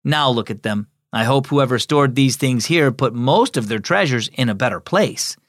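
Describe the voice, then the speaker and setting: A man voicing a calm father who gently teases and instructs his son in a children's story. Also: medium pitch, normal speed, no echo, clean studio sound, lightly acted. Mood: gentle.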